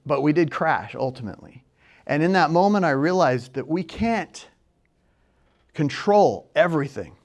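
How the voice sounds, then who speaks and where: A young man telling a personal story, moving from hushed and quiet to loud and excited. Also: a little high, moderate pace. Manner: quiet and hushed in places, then loud and excited, acting out shouts.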